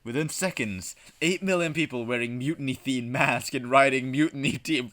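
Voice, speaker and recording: A man hosting a comedy podcast, reading a text adventure aloud in an animated, profane way and often breaking into laughter. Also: mid-range voice, normal speed, few pauses. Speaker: podcast host playing a text game.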